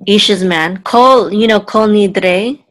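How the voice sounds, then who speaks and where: A woman's voice: mid-range voice, slow. A woman teaching a Hebrew reading lesson, explaining patiently and coaxing her student along. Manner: patient, coaxing, many "mm-hmm"s. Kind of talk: live online lesson, explaining and correcting.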